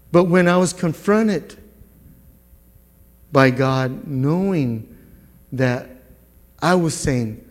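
A middle-aged man, a guest speaker, gives his testimony to a church congregation, talking very slowly and earnestly in a slightly high voice. He stumbles and repeats words, and the long reverb of a big hall rings around him.

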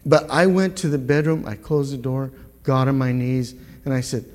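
A middle-aged man giving a spoken church testimony, earnest and halting, often repeating his words. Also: mid-range voice, a little mellow. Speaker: guest speaker giving a testimony. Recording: long reverb of a large hall.

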